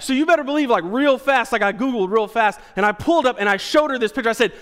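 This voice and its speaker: A man telling a comic personal story to an audience, animated, dropping to a hush and then rising loud again. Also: very high-pitched, quick pace, few pauses. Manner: animated, swinging from hushed to loud and laughing. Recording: long hall reverb.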